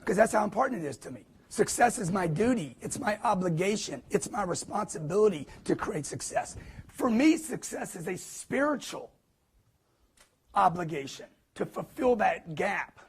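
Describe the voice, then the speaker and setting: A man giving a live motivational sales talk to an audience, emphatic and preachy, with punchy repetition and quick acted-out quotes. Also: high-pitched, expressive, breathy edge. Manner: acts out quotes in put-on voices.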